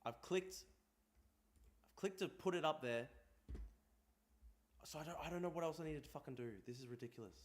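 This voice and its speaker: A man's voice: on the high side, moderate pace, pauses often. A man hosting a casual livestream, talking bluntly and swearing often. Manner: blunt, exasperated, swears a lot. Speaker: streamer and show host.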